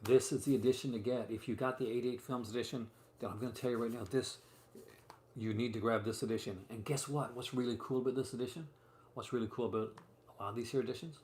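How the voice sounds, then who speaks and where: He talks fast in a mid-range, darkish voice that holds a steady tone, hosting a casual live stream from a room at home. Presenting his physical movie releases, he rambles chattily with lots of fillers and asides, captured with roomy echo and faint room noise.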